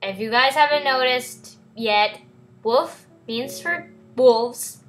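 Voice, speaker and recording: A woman's voice: fairly high pitch, slow pace, soft background music, rough recording. A woman hosting a casual gameplay video, giddy and goofy, giggling often. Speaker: game video host.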